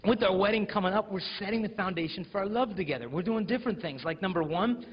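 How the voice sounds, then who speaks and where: A young American man giving a lively storytelling talk to teenagers in a school auditorium. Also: high voice, quick pace. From United States. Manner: animated storytelling, mimics voices. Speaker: school speaker. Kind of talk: live motivational talk to teens. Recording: echoey hall, dull lo-fi sound.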